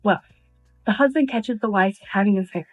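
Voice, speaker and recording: A woman's voice: mid-range voice, brisk, no echo, faint music behind. A woman casually telling a story to viewers, chatty and full of fillers. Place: small town. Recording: tinny phone-like audio, dry.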